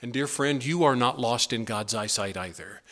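A man's voice: mid-range voice, moderate pace, a bit bright. A pastor preaching a sermon to his congregation in a church, in an earnest, pleading manner with emphatic swings. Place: church sanctuary.

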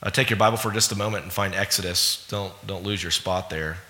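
A man preaching a sermon in an animated way, acting out little voices and laughing often as he talks to the congregation. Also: low voice, fairly quick. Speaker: pastor. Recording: long hall reverb.

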